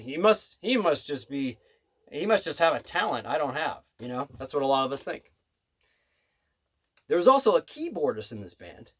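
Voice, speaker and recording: A man who plays bass tells a story in a casual vlog from his home studio. He speaks earnestly and rambles, with many asides. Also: fairly bright tone. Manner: rambling and earnest, full of "you know" and "right". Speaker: bass player and manifestation coach.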